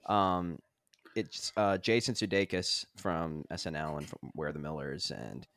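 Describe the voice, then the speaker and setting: A man's voice: sits low, steady tone, a little slow, a bit bright, no echo, clean studio sound. A young man co-hosting a podcast, chatting casually and enthusiastically with lots of fillers. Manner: rambling, enthusiastic, many fillers. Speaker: podcast co-host.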